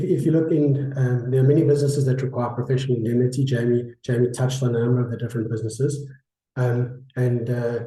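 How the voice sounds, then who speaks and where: A man, croaky from the flu, giving a hesitant online business presentation with many fillers and restarts. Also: mid-range voice, warm tone, roomy sound, low-quality recording. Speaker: webinar presenter. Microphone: video call.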